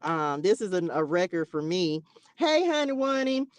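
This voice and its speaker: A woman's voice: fairly low pitch, sing-song, moderate pace, no echo. A woman in her forties, a nurse hosting a casual livestream, telling stories and talking straight to her viewers. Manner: chatty storyteller who keeps addressing viewers directly.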